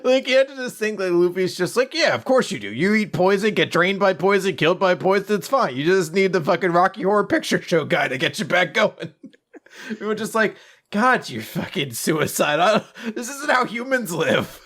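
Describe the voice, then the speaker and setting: Higher-voiced guy cracking jokes on a podcast, swears a lot. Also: lively intonation, normal speed, fairly bright tone. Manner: joking, swears. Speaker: podcast co-host. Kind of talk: casual recap chat.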